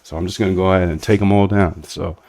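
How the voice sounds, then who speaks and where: A young man live-streaming while coding a trading bot, chatting casually with viewers in slangy banter, sometimes flat and monotone, sometimes lively. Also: low-pitched, quick pace. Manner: laid-back slangy banter with chat, shifts between flat monotone and lively bursts.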